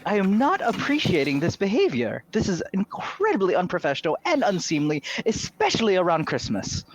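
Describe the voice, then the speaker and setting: A man voicing a prim, authoritative older woman who heads a committee, speaking in crisp, disapproving formal tones. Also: high-pitched, wildly swooping pitch, fairly quick, a little hiss or hum, voice pushed up. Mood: scolding.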